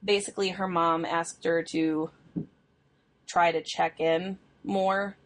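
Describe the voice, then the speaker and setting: A young woman co-hosting a podcast, casually telling a true crime case, chatty and quick to laugh. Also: on the low side, fairly even intonation. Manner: chatty storytelling, laughs often, swears. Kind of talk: casual chat.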